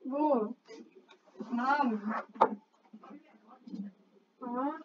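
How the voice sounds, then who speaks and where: High-voiced, excitable young woman gamer. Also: extremely slow. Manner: excitable, chatty, bossy banter; swears casually. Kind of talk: gameplay commentary with a friend. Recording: dull lo-fi mic, faint background noise.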